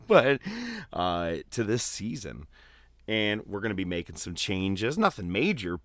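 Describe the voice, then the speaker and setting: Deep-voiced man in casual podcast chat. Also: no echo, studio quality. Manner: animated, swearing, laughs easily. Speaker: podcast co-host.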